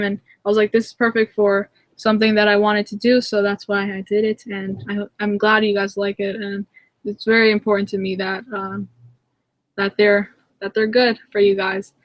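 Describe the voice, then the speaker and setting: A woman's voice: mid-range voice, flat delivery, normal speed, no echo. A young woman hosting a casual live hangout from home, giggling often and chatting with lots of fillers and restarts as she answers viewers. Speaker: channel host answering viewer comments. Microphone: webcam in a live video hangout.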